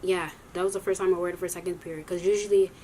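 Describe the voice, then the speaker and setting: A young woman tells a story in a loose, rambling way, often stopping to correct herself. Her voice sits a little low for a woman. A faint hiss runs underneath. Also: very fast. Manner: rambling, animated, self-correcting. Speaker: vlogger. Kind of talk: casual storytime vlog.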